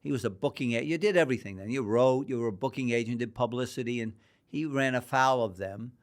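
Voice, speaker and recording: Talking fast in a mid-range voice, an older man from New York appears as a guest on a podcast interview, where he's introduced as a boxing historian. His stories ramble at length, and he performs the dialogue within them.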